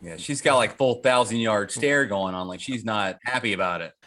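A man co-hosting a movie podcast, jokey and quick to act out scenes. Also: lowish voice. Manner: jokey, animated, acts out scenes in put-on voices. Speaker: podcast co-host. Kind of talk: casual movie chat.

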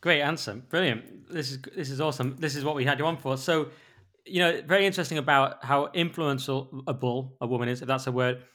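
A man's voice: medium pitch, brisk, fairly bright tone. A man hosting an interview, praising the answer and rambling into a story. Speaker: host. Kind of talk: podcast interview chat.

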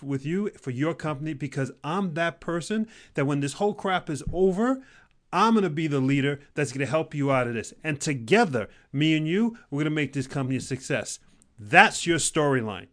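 A man giving an intense motivational talk, repeating phrases for emphasis and swinging between loud urging and quiet, low intensity. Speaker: career motivational speaker.

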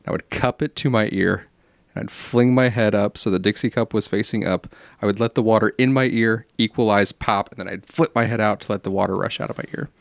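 A man's voice: fairly low pitch, fairly even intonation, a little fast, vocal fry, no room sound. A man co-hosting a podcast in easygoing casual chat, telling stories and laughing along. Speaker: podcast co-host.

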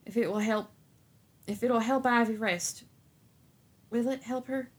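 A woman reading the part of a hot-tempered, devout grieving man who bursts out loudly. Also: fairly high pitch, fairly even intonation, a little slow, pitched above the performer's own voice, natural voice. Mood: pleading. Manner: hot-tempered, loud outbursts.

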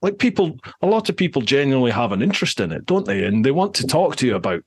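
Blunt, sweary male co-host; casual and animated. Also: medium pitch, fast talker, husky. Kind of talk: casual chat.

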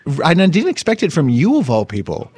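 Cheeky, excitable male podcast host. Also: on the high side, fairly quick, husky. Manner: excitable, cheeky, swears freely. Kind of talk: casual interview chat.

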